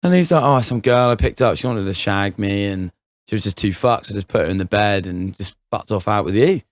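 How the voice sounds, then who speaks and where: A man's voice: fairly low pitch, a little fast, no echo. Rambling young man. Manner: rambling, many fillers and restarts, laughs often. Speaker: podcast co-host. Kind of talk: casual chat, storytelling.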